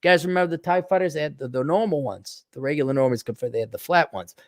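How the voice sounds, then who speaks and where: A man's voice: fairly high pitch, fast talker, no echo, studio quality. A man hosting a livestream, reading out viewer donations and rambling off into sarcastic, mocking tangents. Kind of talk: casual livestream rant.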